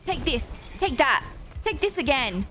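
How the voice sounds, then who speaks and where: A high-voiced woman talks through a game as she plays, her pitch bouncing all over. She gasps and squeals at every surprise. Faint game music sits under her voice. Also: a little slow. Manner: animated, gasping and squealing at surprises. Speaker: gaming video creator. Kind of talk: playing an obby game and narrating.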